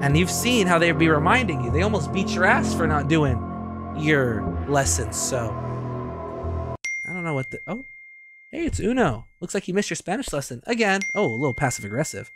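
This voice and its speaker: A man playing a horror game and reacting with loud, joking commentary. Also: fairly high pitch, very animated, moderate pace, soft background music. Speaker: gaming streamer.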